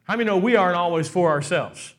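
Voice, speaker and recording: A man's voice: sits high, animated, fast talker. A pastor preaching a sermon, often asking the congregation "how many know" and stressing his words. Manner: rhetorical, asks the crowd "how many know", emphatic.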